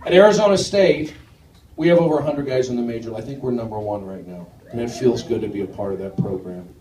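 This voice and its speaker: A man's voice: mid-range voice, fast talker. Rambling man doing live stand-up. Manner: rambling and jumpy, swinging from mumbled asides to shouted outbursts. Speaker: stand-up comedian. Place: comedy club stage. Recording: roomy, distant club recording with noise. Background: audience laughter.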